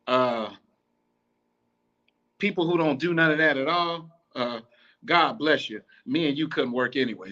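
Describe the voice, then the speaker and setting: A man's voice: medium pitch, pushed and bright, dull audio. A man hosting a podcast, giving blunt, profane advice in a casual, preachy, repetitive monologue. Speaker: podcast host.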